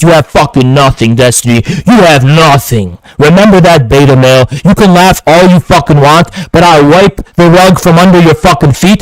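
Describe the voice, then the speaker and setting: A man's voice: high voice, dry recording, low-quality recording. A man hosting a heated online debate, taunting his opponent with profane, repeated insults. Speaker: streamer host in a debate.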